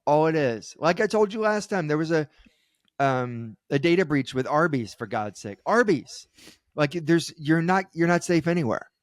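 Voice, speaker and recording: A man's voice: fairly high pitch, lively intonation, moderate pace, no room sound, studio quality. A man co-hosting a comedy podcast, telling stories in casual chat, acting out quoted people and laughing often. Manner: storytelling, acts out quoted voices, laughs often. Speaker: podcast co-host.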